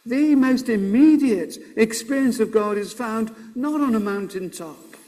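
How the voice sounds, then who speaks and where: A middle-aged man preaching a sermon in an earnest, measured way, pausing between phrases. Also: high-pitched, darkish tone.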